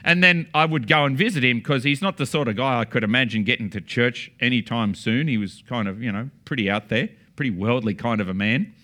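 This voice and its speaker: A man's voice: mid-range voice, brisk, hardly any pauses, pushed and bright. A man preaching a sermon, telling a testimony story and declaring points with emphasis.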